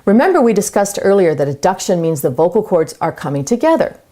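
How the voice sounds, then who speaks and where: Lively-voiced woman vocal coach. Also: fairly low pitch. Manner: clear, measured explanations with sung exercise demonstrations. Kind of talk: instructional voice lesson.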